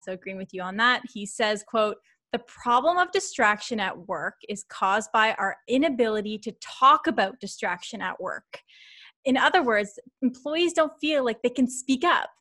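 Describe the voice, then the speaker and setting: A woman's voice: fairly high pitch, lively intonation, moderate pace, bright, forceful tone. A woman hosting a podcast, chatting supportively with her guest and summing up another author's ideas. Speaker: podcast host. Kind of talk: casual podcast interview.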